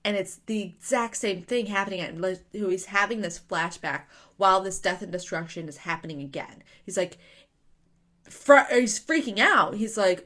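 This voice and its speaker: A young adult woman giving a casual spoken review, chatty and excitable, with lots of fillers and rhetorical questions. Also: medium pitch, moderate pace. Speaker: manga reviewer.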